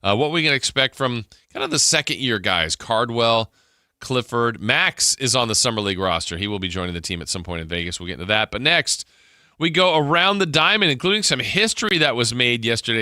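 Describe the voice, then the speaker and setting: A man hosting a sports radio show, chatting casually and trailing off in a relaxed, rambling way. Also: mid-range voice, fairly quick, dry recording, studio quality. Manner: rambling, laid-back, trailing off. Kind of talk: casual chat and show segue.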